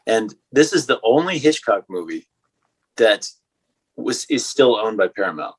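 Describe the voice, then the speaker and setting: Husky man rambling about a film. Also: on the low side, very animated, a little slow. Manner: rambling, filler-heavy, laughs often. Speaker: podcast host. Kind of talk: casual film discussion.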